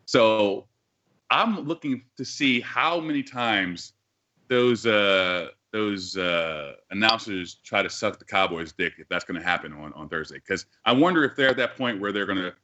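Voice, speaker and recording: A man's voice: on the low side, animated, measured pace, pushed and bright. Podcast co-host, male, rambling profane storyteller, slightly muffled lo-fi sound. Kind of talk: casual sports chat.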